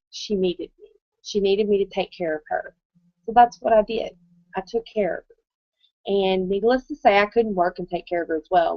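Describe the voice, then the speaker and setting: A woman in her thirties gives a live motivational testimony in a mid-range voice, telling her story chattily and checking in with the audience again and again. The dry, muffled recording sounds dull and has no echo.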